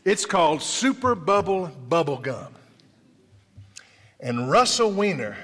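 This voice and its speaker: A man from Memphis, a speaker telling stories to an audience and acting out the dialogue, his voice dropping hushed and rising loud. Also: high voice, big pitch swings, slow pace, long pauses. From Memphis, Tennessee. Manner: dramatic, acts out dialogue, swings from loud to hushed. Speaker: motivational speaker. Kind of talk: storytelling speech to an audience. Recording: hall with long reverb.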